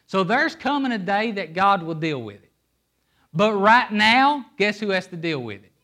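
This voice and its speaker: Emphatic preacher man, fairly high voice. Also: fairly bright tone. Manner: emphatic, pulls listeners in with questions. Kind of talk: sermon. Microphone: handheld microphone.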